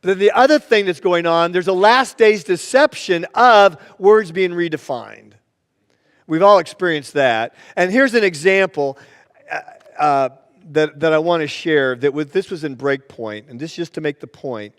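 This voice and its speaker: High-voiced pastor preaching in a reverberant church. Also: male voice, animated, moderate pace, a bit bright, smooth. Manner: storytelling, plays the joke with voices. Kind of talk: sermon. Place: church sanctuary. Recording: church sanctuary with long reverb.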